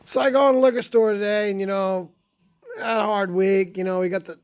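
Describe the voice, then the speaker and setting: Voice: medium pitch, steady tone, moderate pace, fairly bright tone. A small-town vlogger telling a casual, rambling, profane story and grumbling about work.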